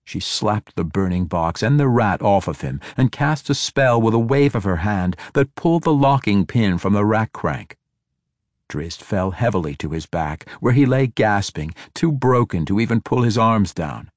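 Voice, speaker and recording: A man narrating a fantasy audiobook in a measured, steady storytelling voice. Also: fairly low pitch, dry recording, clean studio sound.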